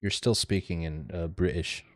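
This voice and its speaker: A man's voice: deep voice, fairly even intonation, moderate pace, no echo, clean studio sound. A man vlogging as he tests AI voice assistants, speaking bluntly and impatiently. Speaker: vlogger testing AI. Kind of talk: casual chat.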